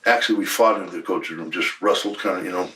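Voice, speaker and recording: A man's voice: low voice, quick pace, pushed and bright, distant mic, low-quality recording. A man in his sixties, a former wrestler, telling blunt, profane stories in an emphatic shoot interview. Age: 60s.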